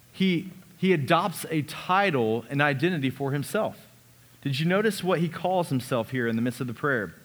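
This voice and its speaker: A man preaching a sermon as a pastor, earnest, sometimes dropping his voice to a hush on key lines. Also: fairly high pitch. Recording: long reverb of a large hall.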